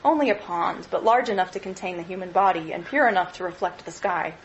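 A woman's voice: on the low side, fast, muffled recording, a little hiss or hum. Woman lecturer reading a novel aloud.

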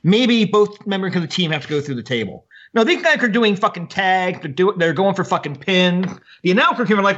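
A man's voice: sits high, expressive, fairly quick, hardly any pauses, fairly bright tone, dull audio. A man co-hosting a podcast, recapping wrestling matches in casual chat with an exasperated, profane edge. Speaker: podcast co-host.

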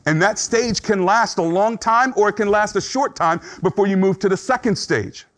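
A middle-aged male pastor delivering a sermon with a voice pitched a little above the usual for a man. He speaks in an earnest, conversational way and slips into short acted-out quotes to make his points. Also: moderate pace, fairly bright tone.

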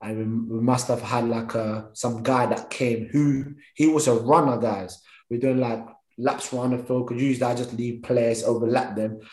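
A man who played football professionally spins anecdotes in a lively, storytelling way, acting out what went through his head. His voice sits at a middle pitch. The room around him is echoey. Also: normal speed. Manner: animated, acts out his own thoughts and others' words. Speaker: former professional footballer, guest. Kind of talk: storytelling conversation.

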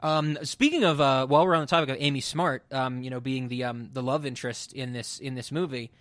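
A man's voice: mid-range voice, fairly even intonation, fairly quick, a bit bright, dry recording. A man co-hosting a podcast and chatting casually about a film. He rambles and acts out the lines he quotes. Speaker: podcast co-host.

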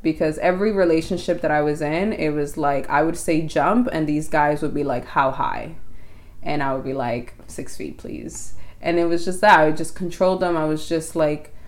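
Animated young woman telling a story. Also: sits low, moderate pace. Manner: animated, acts out quoted thoughts. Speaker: podcast co-host. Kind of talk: casual storytelling chat.

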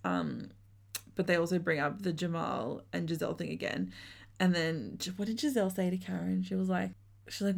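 A woman's voice: on the low side, normal speed, vocal fry. A woman co-hosting a podcast, chatting casually and swearing as she recaps a reality show. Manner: chatty, swearing, laughing often. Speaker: podcast co-host.

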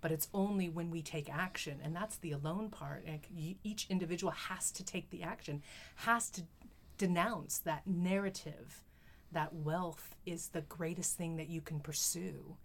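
A woman's voice: fairly low pitch, moderate pace. Thoughtful Australian woman, podcast host. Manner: thoughtful, enthusiastic. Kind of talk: casual conversation about poetry.

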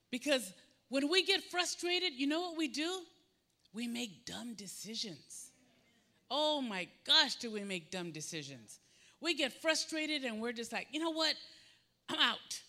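A man's voice: very high voice, sharp tone. A man preaching a sermon, emphatic and repetitive, swinging his voice up and down as he acts out what people say.

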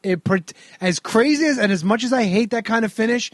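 Brief: outspoken male podcast co-host, high and animated, swears freely, dry room. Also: a little fast, no room sound. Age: adult parent. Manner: profane, blunt, tells stories. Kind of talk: casual wrestling chat.

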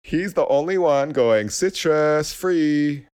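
A man's voice: a little high, slow pace, a little mellow, clear, resonant tone. A man co-hosting a podcast in casual chat, who breaks into giggles mid-sentence. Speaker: podcast co-host.

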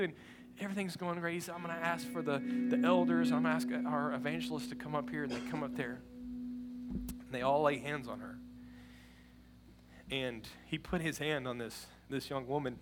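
A man preaching as a pastor, telling a story in an animated way that builds to loud, fast passages. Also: on the high side, slight background noise. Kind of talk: sermon storytelling.

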